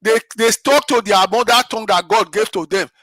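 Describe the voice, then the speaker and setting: A man's voice: high voice, fairly quick, pushed and bright, no room sound. A middle-aged Nigerian man with a Nigerian accent, giving impassioned political commentary as a panel guest, repeating phrases and firing rhetorical questions.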